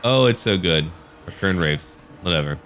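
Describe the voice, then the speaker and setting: Low-voiced, jokey game commentator man. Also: lively intonation, normal speed, fairly bright tone, slight background noise. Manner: casual, jokey, chatty. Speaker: gaming channel host.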